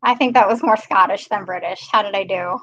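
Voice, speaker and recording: A woman's voice: medium pitch, brisk, a bit bright, highs cut off. A woman hosting a casual live stream, chatting and greeting viewers by name. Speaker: live-stream host filling in.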